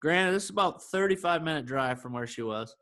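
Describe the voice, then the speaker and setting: A man with a somewhat high voice talks fairly quickly while co-hosting a podcast. He tells a personal story in relaxed conversation, acting out what each person in it said with lively energy.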